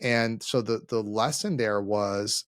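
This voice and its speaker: A man co-hosting a casual business podcast, telling stories and acting out quoted dialogue with lively energy. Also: on the low side, slow, dry recording, studio quality. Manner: animated storyteller, acts out quoted dialogue. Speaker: podcast co-host, CEO.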